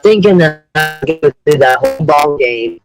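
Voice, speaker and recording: A woman's voice: low-pitched, expressive, moderate pace, music in the background, poor audio. A woman calling in by phone from her car on a livestream, telling blunt, crude, joking stories in casual chat. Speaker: guest caller on a livestream. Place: in a car, driving around.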